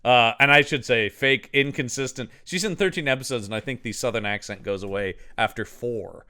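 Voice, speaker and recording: A man co-hosting a podcast, talking casually and lively about a bad movie, swearing and laughing as he goes. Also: mid-range voice, a little fast, smooth. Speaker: podcast co-host. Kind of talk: casual movie-review chat.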